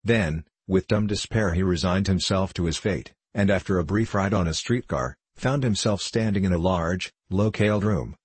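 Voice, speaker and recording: Man narrating an audiobook, very deep voice, husky tone, dry close sound. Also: dry recording. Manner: measured, literary storytelling. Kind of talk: scripted narration.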